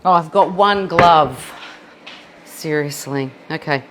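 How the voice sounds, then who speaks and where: A woman's voice: low voice, slow pace, background noise. A woman with an Australian accent leading a live cooking demonstration in a kitchen, chatty and self-deprecating. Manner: chatty and self-deprecating, laughs at her own mess. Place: home kitchen.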